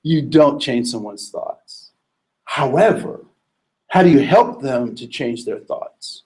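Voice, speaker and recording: Animated man giving a workshop talk. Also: mid-range voice, slow pace, poor audio. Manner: animated storyteller acting out voices, asks the audience questions. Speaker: diversity trainer. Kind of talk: workshop lecture.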